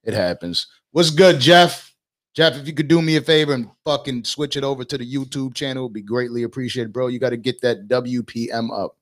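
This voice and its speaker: A young man hosting a casual talk show, loud, joking and full of swearing. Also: mid-range voice, fairly quick. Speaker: podcast host. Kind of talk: casual chat.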